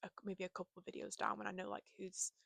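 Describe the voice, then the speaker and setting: A woman's voice: mid-range voice, level tone, fast talker, vocal fry, fairly bright tone, husky, no room sound. A young woman chatting casually and openly to camera from her bedroom, full of "like" and "you know". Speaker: vlogger. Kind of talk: casual confessional chat.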